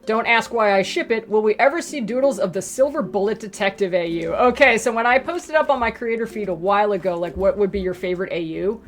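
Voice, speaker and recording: Speaking briskly with few pauses, a woman with a mid-range voice works through reader questions about her webcomic. It's a casual Q and A chat, and she rambles, filling it with fillers and asides.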